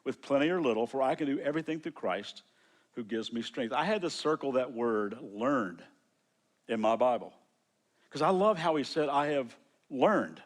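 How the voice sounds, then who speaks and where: A middle-aged man from the United States preaches as a pastor, speaking in an everyday, conversational tone. He stumbles and restarts often as he recounts a personal story. His voice sits in an ordinary, middle pitch. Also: lively intonation. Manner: conversational, halting with frequent restarts. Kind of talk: sermon storytelling.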